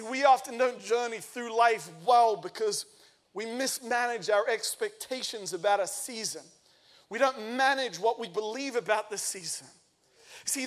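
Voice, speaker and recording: A man in his thirties preaching a sermon, telling a lively personal story and acting out the quoted lines. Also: extremely high pitch. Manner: energetic storytelling, acts out quotes. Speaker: pastor.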